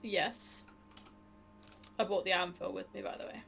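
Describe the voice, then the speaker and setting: A young woman from Britain co-streaming a game, chatty and quick to laugh. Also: mid-range voice, steady tone, vocal fry, fairly bright tone, faint music behind. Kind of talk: casual game stream chat. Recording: faint keyboard clicks behind.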